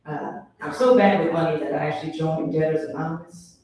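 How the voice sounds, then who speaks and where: A man performing a stand-up set, breaking into shrill high mock voices when he quotes people. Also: steady tone, brisk, darkish tone, a little hiss or hum. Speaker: stand-up comedian. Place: comedy venue stage. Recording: very echoey hall from a distance.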